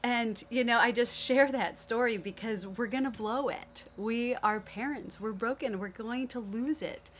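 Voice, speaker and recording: A woman's voice: medium pitch, a little hiss or hum. A middle-aged woman giving a candid, earnest faith-based parenting talk as host, telling personal stories.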